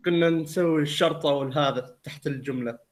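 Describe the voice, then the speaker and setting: A man's voice: a little high, rapid-fire. A male student on a video call eagerly cutting in to explain a point to his classmates.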